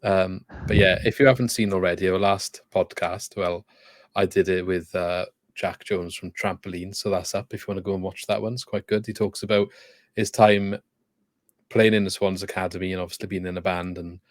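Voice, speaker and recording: A man hosting a football podcast, chatting casually in loose, relaxed sentences. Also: low voice, normal speed, dry recording, studio quality. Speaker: podcast host.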